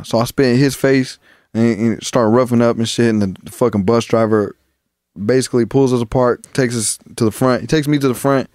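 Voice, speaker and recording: A man's voice: medium pitch, a little fast, a little mellow, no echo, studio quality. A young man co-hosting a podcast, telling long profane stories from childhood in a rambling, casual way. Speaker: podcast co-host. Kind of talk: casual chat.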